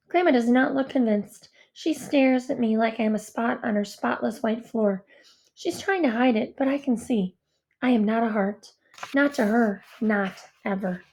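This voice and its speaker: A woman narrating a first-person audiobook with a high, light voice. Her delivery is earnest and introspective, with an anxious edge. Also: normal speed, a little mellow.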